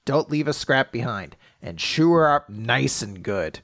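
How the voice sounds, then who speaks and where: A man's voice: medium pitch, lively intonation, unhurried, a bit bright, no echo, clean studio sound. A man voicing a gleeful, murderous male villain who taunts in a raised, singsong tone while recapping a story. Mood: taunting.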